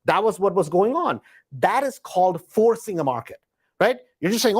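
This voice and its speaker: A man's voice: sits high, very animated, normal speed, husky. A man hosting a live question-and-answer session, talking casually and often checking in with "right?" while acting out quoted thoughts. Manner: conversational, frequent "right?" tag questions; acts out quoted inner voices. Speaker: host. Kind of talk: live Q&A talk.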